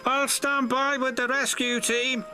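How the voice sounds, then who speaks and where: A man voicing a small, eager young male tank engine who frets easily, speaking high and pleading. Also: flat delivery, measured pace, loud music behind the voice.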